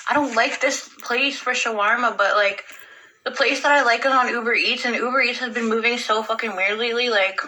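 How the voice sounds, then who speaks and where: A woman with a very bright, fairly high voice, telling a rambling story and swearing freely. She leans heavily on "like" and jumps from point to point. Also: fairly even intonation, brisk, rough recording. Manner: rambling, profane, heavy use of "like". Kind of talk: casual storytelling.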